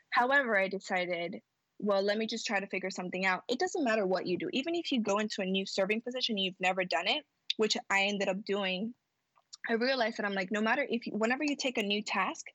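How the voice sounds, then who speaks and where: A woman's voice: medium pitch, fairly bright tone, no echo. A woman entrepreneur talking casually as a podcast guest, rambling and reflective, often acting out her own past thoughts.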